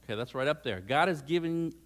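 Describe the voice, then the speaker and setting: A man's voice: fairly high pitch, lively intonation, fairly quick. A middle-aged man giving a conversational sermon on marriage to students, telling stories and often checking in with "okay?". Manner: chatty, anecdotal, frequent "okay?" check-ins. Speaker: speaker at a church student rally. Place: church hall.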